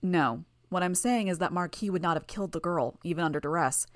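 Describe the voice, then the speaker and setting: Woman reading as a smooth, mocking male killer. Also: on the low side, brisk, no room sound, natural voice. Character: calm, silver-tongued, menacing male killer.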